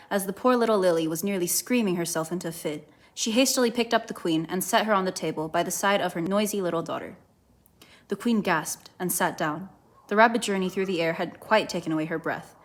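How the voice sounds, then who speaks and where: A woman reading a children's book aloud as a volunteer, in a gentle, even storytelling manner. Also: on the low side. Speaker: volunteer reader.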